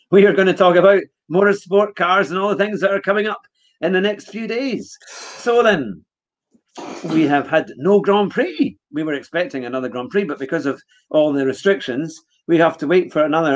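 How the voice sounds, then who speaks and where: A man's voice: on the high side, expressive, normal speed. A man hosting a casual motorsport podcast, upbeat and jokey as he chats with his co-hosts. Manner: upbeat, jokey, greeting the audience. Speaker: podcast host.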